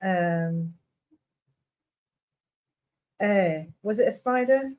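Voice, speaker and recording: A woman's voice: medium pitch, animated, drawn-out words, darkish tone. A woman co-hosting a casual livestream chat, with chatty asides and laughter. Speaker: co-host.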